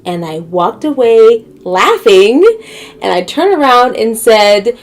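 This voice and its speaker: A woman's voice: a little high, slow pace. Exasperated, foul-mouthed woman telling a story. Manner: animated, exasperated, swears often. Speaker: comedic storyteller. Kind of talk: profane comedic storytelling rant.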